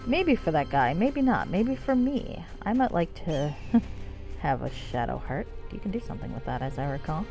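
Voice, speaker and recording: Wry, gravelly woman game streamer. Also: sits low, big pitch swings, moderate pace, over music. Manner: wry, joking asides while playing. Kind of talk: live game-stream commentary.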